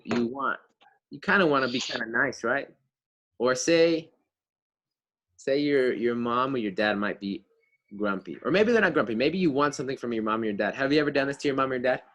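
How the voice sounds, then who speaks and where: Male grade school teacher, casual and chatty, asks the kids stuff, mid pitch. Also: fairly bright tone. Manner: chatty, asks the kids questions, explains words. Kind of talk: reading aloud and explaining to a class.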